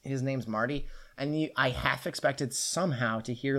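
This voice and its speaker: A man's voice: mid-range voice, moderate pace, sharp tone. A young man co-hosting a podcast, chatting loosely about books with lots of filler words. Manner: rambling, full of "like" fillers. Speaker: podcast co-host. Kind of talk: casual book chat.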